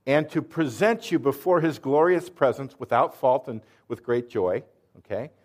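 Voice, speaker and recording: In this sermon, the preacher's darkish, medium-pitched voice moves at a moderate pace with lively intonation. He earnestly explains verses and tests his listeners with questions.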